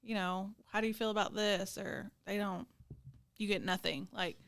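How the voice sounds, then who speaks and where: A woman's voice: mid-range voice, normal speed. A woman co-hosting a casual podcast chat, telling stories and acting out both sides of a conversation. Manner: animated storyteller, acts out quoted talk. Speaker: podcast co-host, youth leader.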